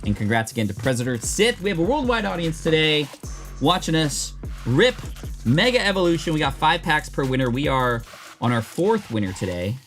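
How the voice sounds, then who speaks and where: A man's voice: a little high, sing-song, brisk, a bit bright, faint music behind. A man chatting casually on a live stream, upbeat and reading out his chat. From United States. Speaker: streamer opening card packs.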